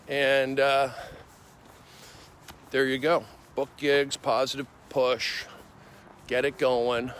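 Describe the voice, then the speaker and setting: A male comedian livestreaming on his phone while walking city streets, rambling excitably with repetitive bursts of loud emphasis. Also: medium pitch, unhurried, pauses often, slight background noise. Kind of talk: rambling walk-and-talk livestream.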